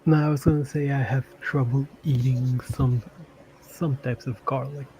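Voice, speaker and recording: A man's voice: medium pitch, fairly even intonation, moderate pace, mellow, a little hiss or hum, low-quality recording. Laid-back man co-hosting a stream. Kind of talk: casual live-stream chat.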